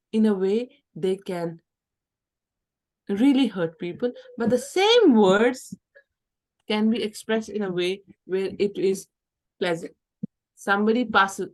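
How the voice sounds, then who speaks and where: A woman's voice: mid-range voice, darkish tone. A middle-aged woman giving a classroom lecture, acting out what patients and workers might say. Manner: acts out patient and worker lines.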